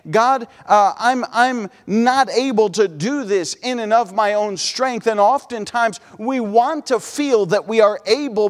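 Folksy middle-aged male preacher, high voice, long hall echo behind him. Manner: folksy, repeats "man" and restarts words. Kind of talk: sermon.

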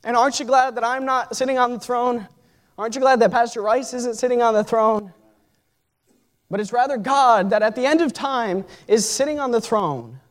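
A man preaching a sermon. He tells a personal story with fillers and restarts, then builds to loud, impassioned exhortation. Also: very high-pitched, normal speed.

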